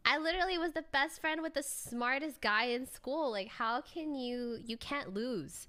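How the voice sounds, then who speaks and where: A woman's voice: high-pitched, moderate pace, pushed and bright. A young adult woman streamer chatting casually, telling stories with frequent laughs and casual swearing. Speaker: streamer reacting to a video. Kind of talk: casual chat.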